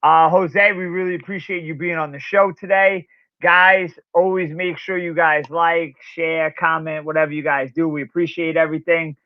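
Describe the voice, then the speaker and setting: A man's voice: on the high side, steady tone, moderate pace, no echo. Male podcast host, loose rambling chat, dry close sound. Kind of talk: casual chat. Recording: dull, lo-fi sound.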